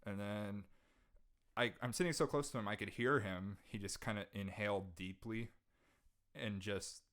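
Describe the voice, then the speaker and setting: A man's voice: fairly low pitch, fairly even intonation, moderate pace, a bit bright. Earnest young man retelling a story. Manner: earnest, emotional retelling with frequent restarts. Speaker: podcast guest, jazz saxophonist. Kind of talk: casual storytelling in conversation.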